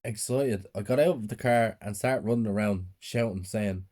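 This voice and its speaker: A man reads a first-person horror story in a plain, low-key way. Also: moderate pace, hardly any pauses, a little mellow. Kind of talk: scripted horror story narration.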